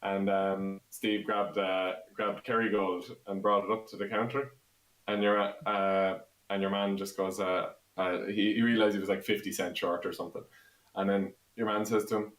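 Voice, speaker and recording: A man's voice: sits low, little pitch movement, moderate pace, far from the mic. An Irish man, a member of a folk band, chatting casually on a livestream and telling rambling stories with frequent laughs. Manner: rambling storyteller, laughs often. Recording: roomy echo.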